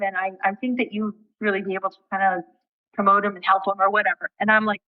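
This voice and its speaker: A woman guest in an interview, telling a personal story in an animated way and acting out what people said, with casual swearing. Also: medium pitch, quick pace, dry recording, phone-quality sound.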